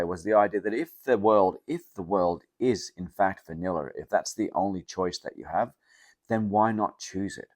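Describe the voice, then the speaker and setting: A man's voice: deep voice, no room sound. A man giving a rambling, casual motivational talk to the camera, often checking in with "yeah?". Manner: rambling, loose, with many restarts and "yeah?" checks. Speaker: vlogger.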